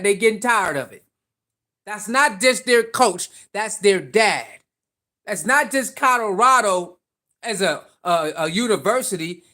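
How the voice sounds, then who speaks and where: In this relaxed, opinionated vlog, a sports commentator addresses the camera head-on with a bright, forceful tone at middling pitch. His talk is slangy and loose, returning again and again to rhetorical questions and points he's already made.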